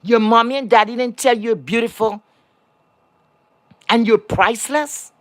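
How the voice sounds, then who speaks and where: A woman's voice: fairly high pitch, moderate pace. A woman moderating a livestream chat, lecturing and scolding viewers in a blunt, profane rant.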